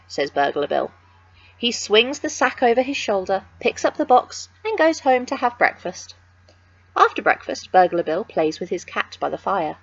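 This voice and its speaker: A woman reading a children's picture book aloud with expressive, sing-song storytelling. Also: medium pitch, a little slow, dry recording, highs cut off.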